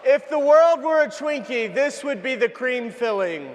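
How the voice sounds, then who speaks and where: A man giving a humorous keynote speech in a large conference hall, playful and self-deprecating, calling out loudly to the crowd. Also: very high-pitched, animated, unhurried, background noise. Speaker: keynote speaker. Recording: echoey hall with faint ambience.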